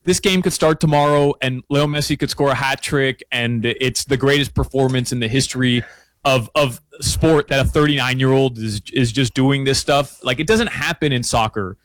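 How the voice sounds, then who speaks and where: A man chatting casually as a sports analyst guest, excitable, with lots of stammered restarts and fillers. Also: medium pitch, normal speed, no room sound. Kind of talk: casual sports betting chat.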